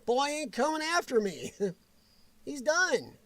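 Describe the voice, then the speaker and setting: A man hosting a casual livestream, answering viewers' comments in a chatty, animated way with frequent chuckles. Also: very high voice, slow, no room sound. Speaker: livestream host.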